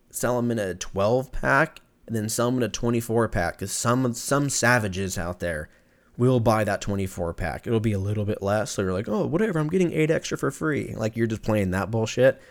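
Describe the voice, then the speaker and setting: This young podcast host goes on a casual solo rant that's animated and profane, packed with jokes and frequent laughs. His pitch is fairly low and he talks at normal speed.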